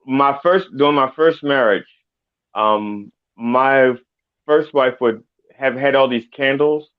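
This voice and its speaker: A man co-hosting a casual talk show, telling a story with halting, stammering starts. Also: medium pitch, clean tone, narrow, tinny audio. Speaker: podcast co-host.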